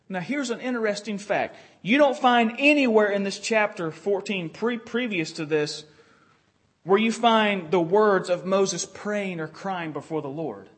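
A male preacher delivering an earnest sermon, often acting out the prayers of biblical figures. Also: sits high. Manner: earnest, repetitive restarts, quotes prayers in character.

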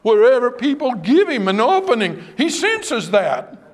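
A man with a notably high voice preaches to his congregation with dramatic passion. He leans hard on key words, then falls to a low, solemn hush. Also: big pitch swings, unhurried. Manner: impassioned, dramatic preaching that drops to hushed tones. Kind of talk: sermon.

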